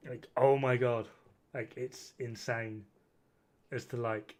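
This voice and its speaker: A man's voice: mid-range voice, steady tone, slow, a little mellow. A man chatting on a stream, rowdy and swearing with self-mocking banter, tipsy from whiskey at home. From United Kingdom. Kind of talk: casual stream chat. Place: home room, camera off.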